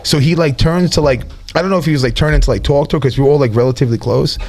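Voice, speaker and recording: A man co-hosting a podcast, telling a wild story in a casual, profane, animated way. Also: on the high side, very fast. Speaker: podcast co-host.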